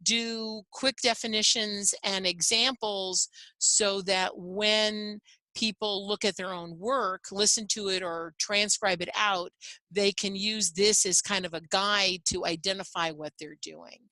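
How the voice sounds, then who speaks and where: A woman's voice: mid-range voice, fairly even intonation, measured pace, sharp tone, no room sound, low-quality recording. A woman guest educator in a casual conversation, explaining concepts in a chatty way. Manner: chatty, explanatory, laughs easily.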